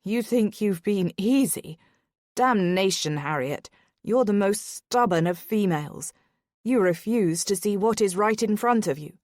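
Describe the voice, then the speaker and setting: A woman reading a calm, arrogant young nobleman in a low, quiet, even voice in an audiobook. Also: measured pace, no room sound, clean studio sound.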